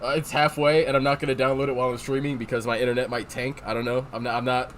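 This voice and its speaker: A man's voice: mid-range voice, flat delivery, very fast, slight background noise. A man chatting casually on a livestream, rambling and swearing as he answers chat. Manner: rambling, profane, reads chat aloud. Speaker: streamer. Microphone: desk microphone.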